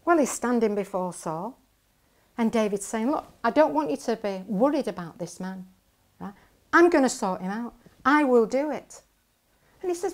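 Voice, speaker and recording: A woman's voice: a little high, expressive, moderate pace, pauses often. A woman preacher, retelling a Bible story and acting out what its characters say.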